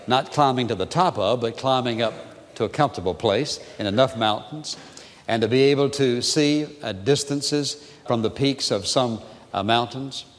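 A man preaching in an earnest, deliberate way, repeating his phrases and letting key words fall soft and low. His voice sits at an ordinary middle pitch. It carries a long reverb, as if filling a large church sanctuary. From United States. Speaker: pastor. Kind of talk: sermon.

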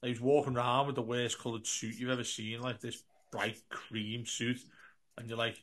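An animated man co-hosting a football fan podcast, telling stories at a middle pitch. He acts out both sides of each conversation and keeps saying mate. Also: moderate pace. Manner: animated anecdotes, acts out dialogue, says mate a lot. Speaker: podcast co-host. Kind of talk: casual storytelling.

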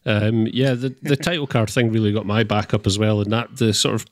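A man co-hosting a film podcast, speaking in a measured, articulate and wry way. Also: lowish voice, steady tone, no echo, clean studio sound. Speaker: podcast co-host, film reviewer.

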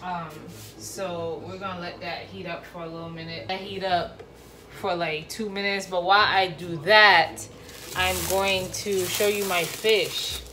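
A woman's voice: fairly low pitch, level tone, measured pace, over music. A woman hosting a cooking video, chatting casually with playful slang and joking asides. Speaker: cooking vlogger. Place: home kitchen. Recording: frying sizzle in background.

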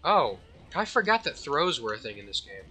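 A man giving casual, jokey let's-play commentary at home, self-mocking, slightly out of breath, with sudden high yelps. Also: sing-song, normal speed, sharp tone. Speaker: gaming channel host.

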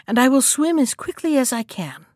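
A woman's voice: high voice, very animated, normal speed, a little mellow, no echo, studio quality. A woman voicing a gullible male shark who grows impatient and cross in a storybook reading. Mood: puzzled.

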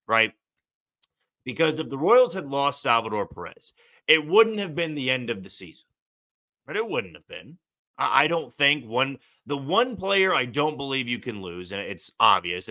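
Podcast host, male, very bright tone, chatty solo commentary with restarts. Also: mid-range voice. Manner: conversational, thinking aloud with fillers and restarts.

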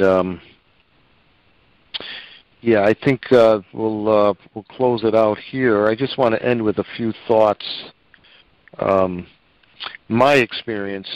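A man's voice: lowish voice, no echo. Guy preaching all fired up, lots of ums, lo-fi dry audio. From Italian heritage. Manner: emotional, preaching, many fillers. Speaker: co-host. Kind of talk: religious talk show. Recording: dull lo-fi dry sound.

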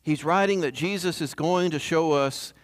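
A preacher with a voice on the high side and a moderate pace talks through his sermon conversationally, frequently asking the congregation "right?"

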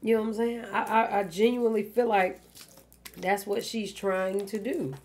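A woman's voice: medium pitch, fairly even intonation, normal speed, a little hiss or hum. A woman hosting a reaction video, giving candid, profane commentary with lots of fillers. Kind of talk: casual commentary on a clip.

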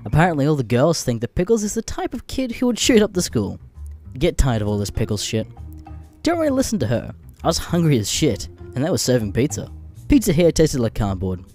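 A man narrating comedic internet stories with crude, deadpan asides, a little under the weather. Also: mid-range voice, brisk, soft background music. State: a bit sick.

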